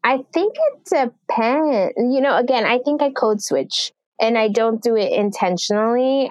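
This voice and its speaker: A woman's voice: mid-range voice, dry recording. A young adult woman guest on a podcast, talking casually with lots of "like" and easy laughter. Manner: relaxed, says "like" a lot, laughs easily.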